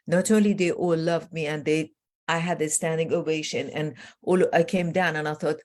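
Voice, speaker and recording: A middle-aged woman coach speaks in a low register, telling earnest stories from her work as an interview guest. Her delivery is animated, full of quick asides and restarts. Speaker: transformational coach.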